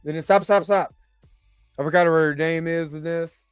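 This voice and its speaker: High-voiced guy doing a chatty reaction review, joking around, dry sound. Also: moderate pace, clear, resonant tone, no room sound, soft background music. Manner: animated, joking, talks to the audience. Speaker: host and movie reviewer.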